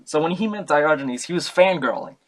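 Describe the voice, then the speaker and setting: A man's voice: on the high side, big pitch swings, fairly quick. A young man giving a casual, comic student talk, rambling, joking and correcting himself as he goes. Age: young adult. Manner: rambling, jokey, self-correcting. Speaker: student presenter.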